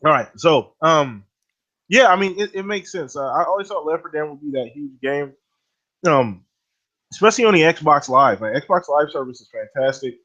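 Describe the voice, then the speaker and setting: A man's voice: a little high, expressive, normal speed, a bit bright. A man co-hosting a casual gaming podcast, speaking bluntly with swearing and laid-back ranting. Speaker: podcast co-host. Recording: dull lo-fi audio.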